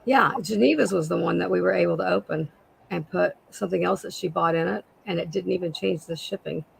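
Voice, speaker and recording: A woman with a raspy voice, a guest seller chatting casually on a live sale and describing jewelry pieces. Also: on the low side, fairly quick, slight background noise, low-quality recording.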